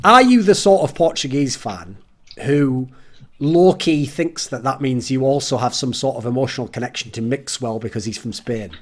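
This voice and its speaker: A man from England with an English accent hosts a casual round-table chat, ranting, swearing, and putting on mocking voices. His voice is mid-range and animated at a moderate pace.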